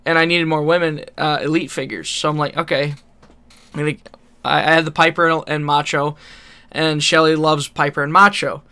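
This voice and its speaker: This is a man with a high, tense, crisp voice, telling a long story on a podcast in a loose, rambling way. He laughs often at his own tale and swears freely. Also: little pitch movement, moderate pace, sharp tone. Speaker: podcast co-host. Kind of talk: casual storytelling chat.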